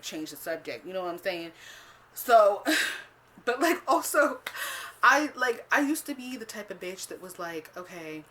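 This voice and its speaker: Woman doing a storytime vlog, lots of "like", cusses a ton, faint hiss behind her. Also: on the low side. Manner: animated, swears freely, acts out her own past lines; heavy use of "like" as filler. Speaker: storytime vlogger. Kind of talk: casual storytelling.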